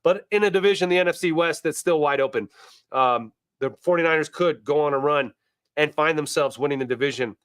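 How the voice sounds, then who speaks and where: A man hosting a casual sports show, animated and wisecracking, talking straight to his viewers. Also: on the high side, fairly quick, clear, resonant tone, no echo, clean studio sound.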